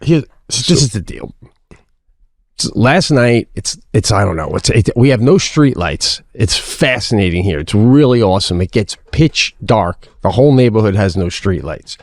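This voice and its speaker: A middle-aged man co-hosting a podcast, telling a story in casual chat, animated and swearing freely, acting out his own shouting. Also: lowish voice, normal speed, hardly any pauses, no echo, studio quality. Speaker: podcast co-host.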